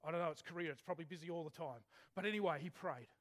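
A man's voice: fairly high pitch, rapid-fire. A male pastor preaching a sermon in a chatty way, often asking the congregation questions.

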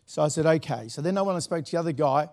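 A man's voice: on the high side, very fast, darkish tone. A middle-aged man, a pastor telling a story from the pulpit in a chatty, laughing way with many restarts. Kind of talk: sermon anecdote.

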